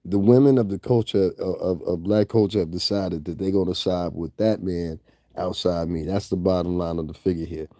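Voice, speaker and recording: A man's voice: deep voice, steady tone, moderate pace, mellow, no echo, clean studio sound. A man, talking casually and directly to a rival online, laid-back and laughing often. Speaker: YouTube commentator. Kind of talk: casual direct-address commentary.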